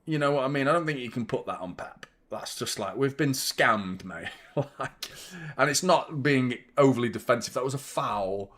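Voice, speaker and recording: A man's voice: medium pitch, lively intonation, normal speed. A young man hosting a live football watchalong, chatting about the match and swearing at the referee. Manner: fan reacting to play, swears and shouts at the referee. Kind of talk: live match commentary and chat.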